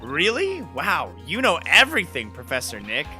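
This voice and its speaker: A man voicing an excitable, cheerful young woman sidekick who asks eager, teasing questions. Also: a little high, normal speed, over music. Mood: excited teasing.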